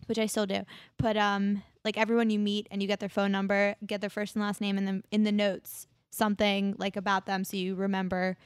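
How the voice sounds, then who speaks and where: A woman's voice: medium pitch, completely flat delivery, clean tone, no echo, clean studio sound. A woman from New Jersey in casual podcast chat, who stammers and restarts her sentences. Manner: halting, stammering restarts, laughs often. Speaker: real estate agent.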